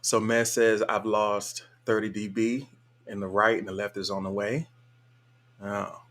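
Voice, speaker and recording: A man's voice: lowish voice, fairly even intonation, unhurried, a bit bright. Laid-back man hosting a live stream. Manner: laid-back, chuckles often, colloquial. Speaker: livestream host. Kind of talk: casual live-stream chat reading comments.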